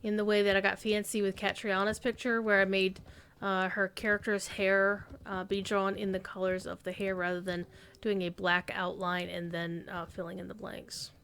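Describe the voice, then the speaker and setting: A woman's voice: medium pitch, flat delivery, moderate pace, a bit bright, clean tone. A woman streaming a game, chatting casually and rambling as she thinks aloud. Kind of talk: casual gaming stream chat.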